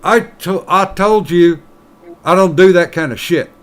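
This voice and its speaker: A man voicing a crude, frustrated male miner in a told joke, speaking loudly and exasperated. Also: high-pitched, measured pace, voice pushed up.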